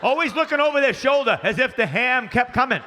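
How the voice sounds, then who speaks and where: A man's voice: very high voice, expressive, brisk, slight background noise. A man from Maine with a Maine accent doing a crude stand-up routine, telling stories and acting out people's voices. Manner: loud, crude storytelling with acted-out voices. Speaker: stand-up comedian. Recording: live club recording with long reverb and faint ambience.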